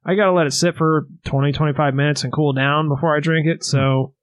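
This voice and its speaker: A man's voice: on the high side, fairly even intonation, fairly quick, dry recording. A man hosting a casual sauce-tasting podcast, joking and swearing freely as he chats with friends. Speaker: podcast host. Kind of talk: casual chat.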